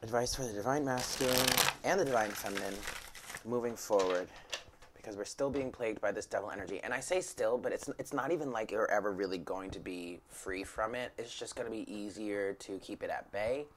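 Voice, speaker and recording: A woman's voice: extremely low pitch, a little fast, background noise. Blunt, swearing woman reading tarot. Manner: frank and blunt, swears freely, emphatic. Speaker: tarot reader. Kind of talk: casual spiritual reading monologue.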